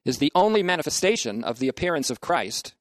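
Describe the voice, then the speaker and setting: A man's voice: fairly high pitch, big pitch swings, fast talker, dry recording. A man giving a methodical Bible lecture, reading verses and spelling out Greek words letter by letter. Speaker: bible teacher. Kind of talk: scriptural lecture.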